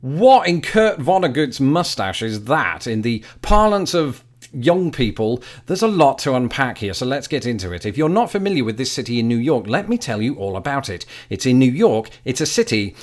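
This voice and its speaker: A British man in his thirties, a YouTube host delivering scripted comic narration in a dry, wry, self-mocking way. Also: mid-range voice. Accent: British English. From Britain.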